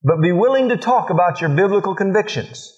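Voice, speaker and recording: Preaching briskly in a high voice with lively intonation and a darkish tone, a middle-aged pastor shares folksy family stories. He plays out dialogue with his children, heard through a muffled, lo-fi recording.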